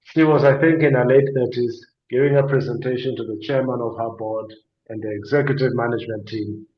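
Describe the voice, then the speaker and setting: Male talk-show guest, earnest explainer, mid-pitched voice, roomy slightly muffled sound. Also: steady tone, a little fast. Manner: earnest, explanatory, emphatic with rhetorical questions. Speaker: guest speaker on addiction and mental health.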